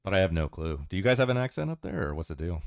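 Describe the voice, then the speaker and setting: Deep-voiced rambling streamer man. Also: very animated, racing, gravelly, clean tone, no echo, studio quality. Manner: rambling, profane, chatty. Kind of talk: casual chat with viewers.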